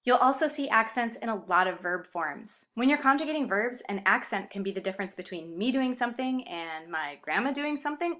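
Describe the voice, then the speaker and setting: Bright-voiced woman teaching a lesson. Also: mid-range voice. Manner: clear, upbeat explaining with Spanish example words. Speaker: Spanish teacher. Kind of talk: explanatory video lesson.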